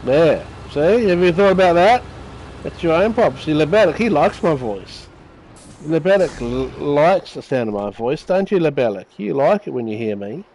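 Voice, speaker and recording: A man's voice: on the high side, expressive, normal speed, darkish tone, a little hiss or hum, poor audio. Chatty man streaming a game. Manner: chatty, teasing, talks to viewers by name. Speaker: gaming streamer. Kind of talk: casual gameplay commentary.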